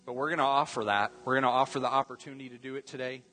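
A man preaching a sermon as pastor, earnest, repeating key phrases and slowing down for emphasis. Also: medium pitch, steady tone, pushed and bright.

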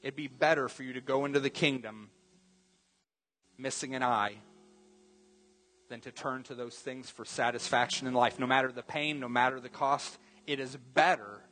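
A man preaching a sermon as pastor, earnest, repeating key phrases and slowing down for emphasis. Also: medium pitch, steady tone, pushed and bright.

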